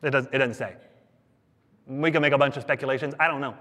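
A man preaching a sermon, animated and conversational, with joking asides to the congregation. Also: medium pitch, fast talker. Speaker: pastor. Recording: long hall reverb.

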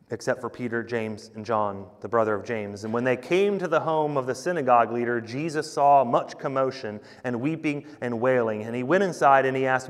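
Conversational pastor preaching in a reverberant hall. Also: male voice, medium pitch. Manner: conversational and emphatic, addresses congregation as guys. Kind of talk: sermon.

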